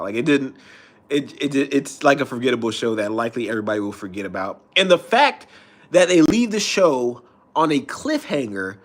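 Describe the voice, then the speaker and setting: Man, casual rant, swears a lot, rambling, stops and restarts. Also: mid-range voice. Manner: profane, rambling, restarts often. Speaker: streamer.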